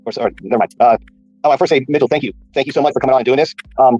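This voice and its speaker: Husky man on a dull, dry call. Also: mid-range voice, rapid-fire, a little mellow, soft background music. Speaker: podcast panelist. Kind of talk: casual call-in panel talk.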